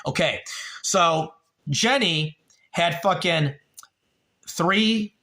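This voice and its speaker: Male streamer, forties, forceful bright voice, rambling and profane with his chat. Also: a little high, extremely slow. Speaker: livestream host. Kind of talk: casual storytelling to chat.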